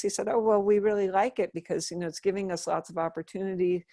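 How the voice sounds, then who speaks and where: A middle-aged American woman, a Buddhist nun, telling her life story in an interview in an earnest, soft-spoken way, often restarting her sentences. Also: lowish voice, steady tone, fast talker, hardly any pauses, no echo, studio quality.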